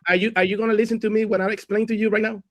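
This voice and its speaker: A man with a Spanish accent pushes back in rapid, repetitive bursts. His voice sits high, and the sound is dry and close. He speaks insistently and defensively. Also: level tone, fairly bright tone, no echo. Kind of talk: heated argument on a call.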